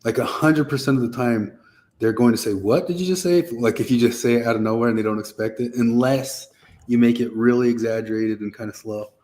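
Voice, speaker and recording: A man's voice: medium pitch, fairly even intonation, fairly quick, darkish tone. A man, a podcast co-host, chatting in an easygoing way, often laughing and trailing off. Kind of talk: casual chat.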